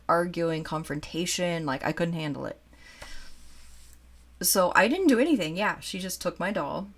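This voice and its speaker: A woman in her forties who collects dolls, telling a childhood story in a chatty, animated way while showing a doll to the camera. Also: lowish voice. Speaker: doll collector and channel host. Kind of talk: casual storytime chat.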